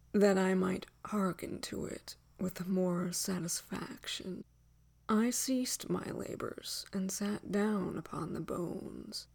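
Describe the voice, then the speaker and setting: A woman giving a dramatic gothic story reading, measured, dropping to hushed whispers and swelling to loud declarations. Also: mid-range voice, vocal fry.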